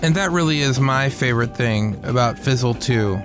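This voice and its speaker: A man's voice: mid-range voice, normal speed, music in the background. A man hosting a podcast, talking candidly and casually, swearing now and then and stumbling over repeated words. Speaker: podcast host. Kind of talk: casual podcast host read.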